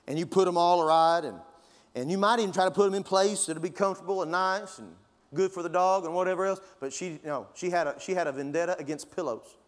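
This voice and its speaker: A man preaching a sermon as pastor, fervent and conversational, pushing his emphasis upward. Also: a little high. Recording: long reverb of a large hall.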